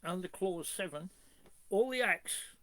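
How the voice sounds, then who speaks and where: A man's voice: high-pitched, lively intonation, fairly bright tone, low-quality recording. A man reading legal clauses aloud and arguing against them in a combative way, firing pointed rhetorical questions. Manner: reads clauses in a measured, halting way. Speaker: commentator rebutting a constitutional expert.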